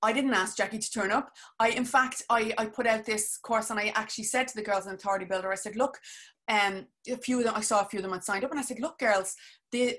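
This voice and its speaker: A woman's voice: on the high side, fast, fairly bright tone. A woman, a business coach, chatting casually and eagerly to viewers on a live stream, rambling with restarts and frequent laughs.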